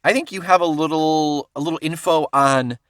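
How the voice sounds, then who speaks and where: A man's voice: on the high side, normal speed, fairly bright tone, no echo, clean studio sound. A male podcast co-host in casual chat, reading listener emails aloud and laughing often.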